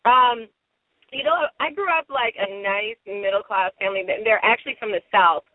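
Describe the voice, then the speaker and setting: A woman's voice: medium pitch, normal speed, no room sound. A woman from Ohio, a matchmaker guest, chatting and telling stories with laughs in a phone interview. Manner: chatty, laughing, animated storyteller. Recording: tinny phone line, dry.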